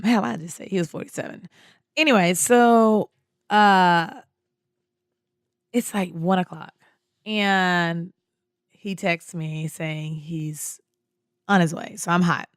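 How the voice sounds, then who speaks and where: A woman hosting a podcast, telling a personal story in an animated, slangy way and laughing often. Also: on the low side, slow, long pauses, clear, resonant tone, dry recording, clean studio sound. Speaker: podcast host. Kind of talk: casual storytelling.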